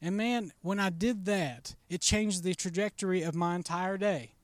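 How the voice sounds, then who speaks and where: A pastor tells a story from the pulpit in an easy, conversational way, voicing his own thoughts as he goes. His voice sits high for a man and rings smooth and resonant. The sound is close and dry, with no room around it. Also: normal speed, no room sound. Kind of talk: storytelling sermon.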